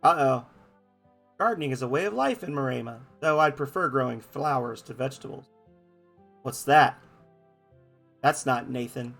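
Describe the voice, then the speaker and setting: During a game playthrough, a male host reads every character's lines in playful voices and jokes about his own reading. His medium-pitched voice is creaky and a bit bright, at normal speed with frequent pauses, and soft music plays underneath.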